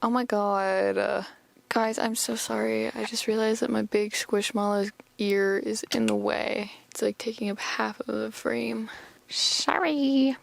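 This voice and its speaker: A woman's voice: fairly high pitch, fairly even intonation, unhurried, gravelly, dry recording. A woman hosting a podcast, recapping an episode in a rambling, chatty way full of fillers. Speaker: podcast host.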